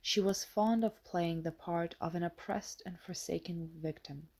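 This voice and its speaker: A woman narrating an audiobook with a steady, measured reading. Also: on the low side.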